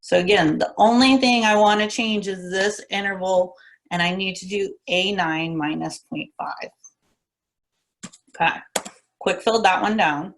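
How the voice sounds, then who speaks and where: A woman with a mid-range voice speaks in an unhurried way. She's teaching a recorded class lesson, methodically walking through formulas and repeating the key steps in a casual instructor tone.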